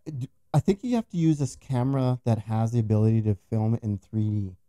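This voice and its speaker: Mellow-voiced man joking through a craft project. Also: medium pitch, fairly quick, no room sound, clean studio sound. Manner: joking, self-mocking banter. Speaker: co-host. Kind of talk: casual chat while doing a craft project.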